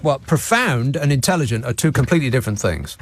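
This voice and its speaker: A man's voice: mid-range voice, animated, fast. A man hosting a late-night radio phone-in from a studio, dry, sardonic and teasing with callers. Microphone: studio microphone.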